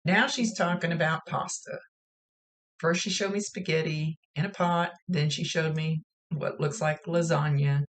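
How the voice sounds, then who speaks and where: A woman's voice: low voice, fairly even intonation, unhurried. A woman psychic medium giving a reading, chatting plainly as she relays spirit messages. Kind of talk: recorded psychic reading monologue.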